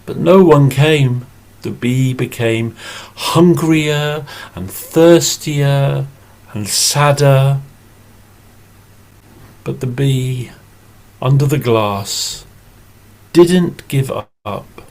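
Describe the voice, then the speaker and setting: A man from England, telling a story slowly and expressively over a video call. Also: medium pitch, low-quality recording. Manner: slow, deliberate and expressive. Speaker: storyteller and English teacher. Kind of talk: oral storytelling.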